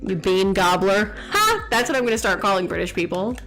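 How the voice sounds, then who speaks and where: A woman's voice: mid-range voice, big pitch swings, a bit bright, soft background music. Chatty young woman streamer. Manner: chatty, reads chat aloud, quick jokes and teasing. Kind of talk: casual live-stream chat.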